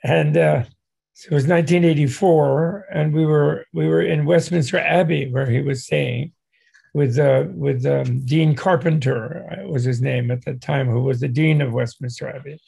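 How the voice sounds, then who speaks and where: Older male guest storyteller, very gravelly, husky, rambling. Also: a little high, fairly even intonation, moderate pace, dark tone. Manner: digressive, with many restarts and chuckles. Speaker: guest speaker. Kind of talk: casual anecdotal storytelling.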